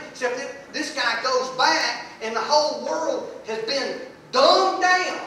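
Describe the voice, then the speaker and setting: High-voiced preacher in an echoey room. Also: male voice, pushed and bright, recorded from a distance, a little hiss or hum. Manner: folksy, emphatic, repeats words for stress. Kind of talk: sermon.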